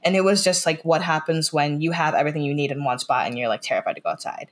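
Speaking fast in a low voice, this American woman is a podcast guest in loose, casual conversation. Her talk wanders, gets restarted often, and is packed with "like," and she acts out scenes by quoting the dialogue.

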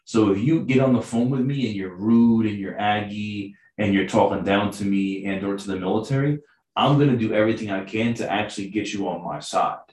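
A man hosting a casual interview, animated as he acts out recruiting phone calls. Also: fairly low pitch, fairly quick. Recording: echoey room, far from mic.

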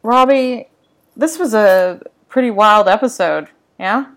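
A woman's voice: medium pitch, slow. Woman, podcast co-host, congested morning voice, rambling casual chat, call mic. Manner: rambling, filler-heavy, laughs easily. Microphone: computer mic on a video call.

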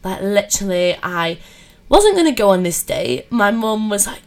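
A young woman, telling dating stories in a chatty, animated way with lots of fillers. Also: mid-range voice, moderate pace. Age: 20s. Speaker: podcast host. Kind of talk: casual storytelling chat.

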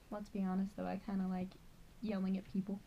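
A woman co-hosting a podcast who tells stories about her work as a prison officer in an animated, swearing way. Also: mid-range voice, rough recording. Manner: animated, swears freely, acts out quoted voices. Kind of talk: casual storytelling chat.

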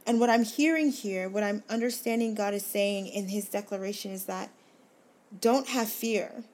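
A woman hosting a devotional, reading scripture aloud slowly and earnestly, then reflecting on it. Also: medium pitch. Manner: slow, earnest, gently emphatic reading. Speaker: devotional host.

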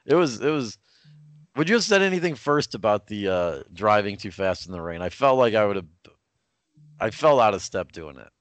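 A man's voice: lowish voice, sing-song, normal speed, no room sound. A young man, co-hosting a casual sports podcast and telling a story with lots of fillers and restarts. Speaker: podcast co-host.

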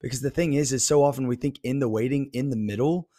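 Young male podcast host, earnest faith talk, mid-pitched voice, dry close sound. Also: fast, dark tone, no echo. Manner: earnest, many fillers and restarts, laughs to himself.

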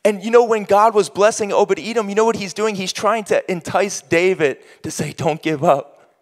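A man's voice: sits high, a little fast, long reverb tail. A male pastor preaching a sermon, who builds in rising bursts and acts out imagined voices of his listeners.

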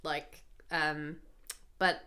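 A woman co-hosting a casual podcast, talking in a rambling, chatty way full of fillers. Her voice sits a little low but has a bright, crisp edge. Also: little pitch movement, very slow. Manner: chatty, lots of fillers and asides. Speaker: podcast co-host. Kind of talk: casual chat.

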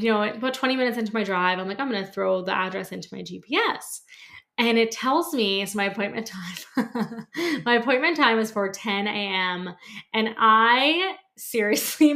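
A woman hosts her own podcast and talks straight to her listeners in a loose, storytelling way. She laughs easily, swears casually and keeps dropping "like" into her sentences. Her voice sits at an ordinary middle pitch. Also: pushed and bright. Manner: chatty, laughs often, peppers speech with "like" and swearing. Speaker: podcast host and lash artist.

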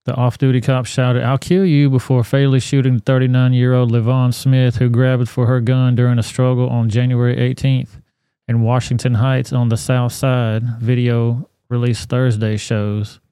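A man hosting a podcast, commenting on a news video in a blunt, profane, animated rant. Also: mid-range voice, normal speed, clear, resonant tone, no room sound, studio quality. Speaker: podcast host.

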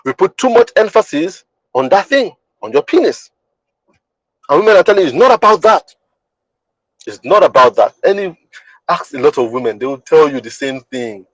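A man's voice: fairly high pitch, sing-song, a little fast, no echo, rough recording. A man hosting a podcast who teaches in an emphatic, repetitive way and often asks the listener whether they understand. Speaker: podcast host. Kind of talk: teaching monologue.

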